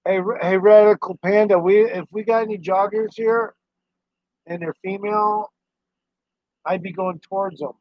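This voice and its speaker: A man's voice: sits high, steady tone, normal speed, pauses often, dry recording. Rambling man live streaming. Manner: rambling, talks to his dog and chat. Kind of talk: casual live-stream chat. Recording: dry, dull lo-fi sound.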